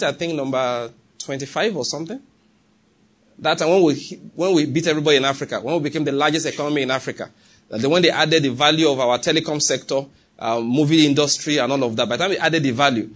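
A man's voice: a little high, a bit bright. A middle-aged man with a Nigerian accent preaching a sermon, emphatic and often asking his listeners questions. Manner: emphatic, asks the congregation questions. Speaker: pastor.

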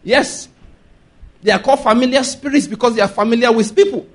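A Nigerian-accented man preaching a sermon, animated, laughing often and asking the congregation if they follow. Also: extremely high pitch, fairly quick.

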